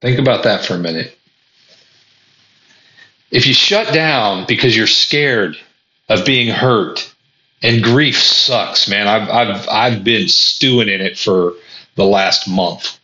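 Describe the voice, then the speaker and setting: A man's voice: on the low side, slow pace, pauses often, bright, forceful tone. Earnest man musing in an echoey room. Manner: earnest, repeats words often, stumbles on restarts. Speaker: vlogger. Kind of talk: reflective personal monologue. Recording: echoey room, dull lo-fi sound.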